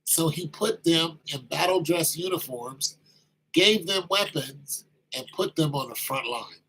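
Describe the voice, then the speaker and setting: A man with a husky, slightly raised voice tells his story with lively energy. His tone is bright and sharp. He acts out the back-and-forth exchanges himself. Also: fairly high pitch, unhurried, rough recording. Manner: animated storytelling, acting out quoted exchanges. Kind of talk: casual talk.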